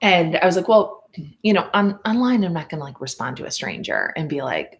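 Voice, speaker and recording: A woman hosting a casual podcast livestream, chatting loosely with lots of fillers and restarts, and quoting others in a mock higher voice. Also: sing-song, fairly quick. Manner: rambling, many fillers and restarts. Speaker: podcast host.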